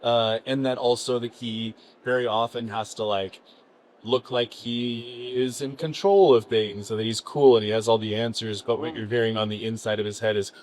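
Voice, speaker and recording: Relaxed man voice actor on a panel. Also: lowish voice, normal speed, slight background noise. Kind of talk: convention panel chat. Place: convention panel room.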